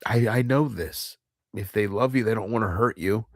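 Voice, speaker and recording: Guy rambling to camera, halting and heavy, lots of restarts, dry room sound. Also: fairly low pitch, no room sound. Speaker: channel host. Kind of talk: unscripted confessional monologue.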